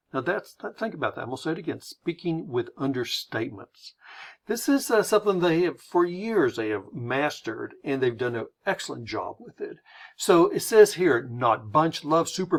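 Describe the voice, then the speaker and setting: A man from the United States presenting a slide lecture in a conversational way, often restarting and adding asides. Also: on the high side.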